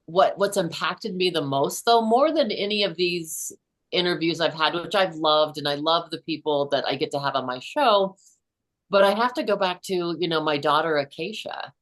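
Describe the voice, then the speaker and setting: Guest in her 60s: low-pitched woman, earnest storyteller, chatty with frequent restarts. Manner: earnest, many restarts and "you know". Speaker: podcast host and author, guest. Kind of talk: storytelling in a casual interview.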